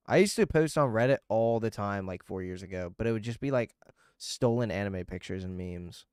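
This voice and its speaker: A man's voice: lowish voice, brisk, darkish tone, clear, resonant tone, dry recording, studio quality. A young man streaming and chatting loosely with viewers, swearing and getting irritated as he rambles. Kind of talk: casual livestream chat with viewers.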